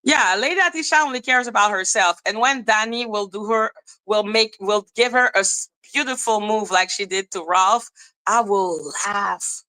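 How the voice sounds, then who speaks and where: A woman's voice: mid-range voice, normal speed, bright, forceful tone, poor audio. Scornful, foul-mouthed woman ranting. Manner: profane, sarcastic, scornful. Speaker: commentary channel host. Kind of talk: livestream rant.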